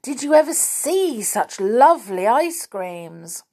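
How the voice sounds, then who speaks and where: Brief: woman voicing a playful, eager young boy, a little louder. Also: fairly high pitch, very animated, slow, voice pushed up, full character voice. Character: lively young boy Joe, bossy and playful.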